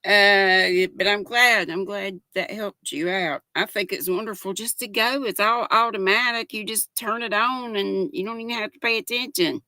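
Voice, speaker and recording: A woman's voice: mid-range voice, steady tone, normal speed, hardly any pauses, sharp tone, dry recording. An older woman with a Southern US accent, chatting casually on a livestream, reading out viewer comments and greeting them by name in a folksy way. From United States. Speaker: livestream host. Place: home.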